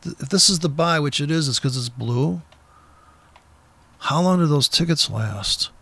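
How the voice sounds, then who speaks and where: A man's voice: a little high, expressive, unhurried, fairly bright tone, slightly rough. A man giving blunt, profane, combative trading commentary in an unscripted rant, speaking from a car with the window down.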